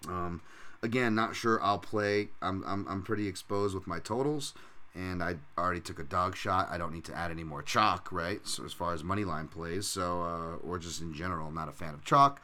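A man's voice: deep voice, moderate pace, sharp tone. A man hosting a fight betting podcast in casual, profane, rambling chat with self-mocking jokes.

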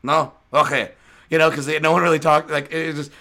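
A man's voice: on the high side, flat delivery, brisk, vocal fry, sharp tone. Male podcast host, casual chat, rambling storyteller with lots of fillers and restarts.

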